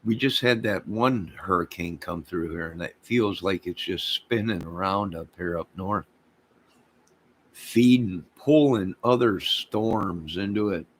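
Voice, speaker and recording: Man, casual vlog chat, folksy, rambling, lowish pitch. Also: unhurried, slight background noise. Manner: rambling, folksy, loose and talkative. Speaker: small channel vlogger.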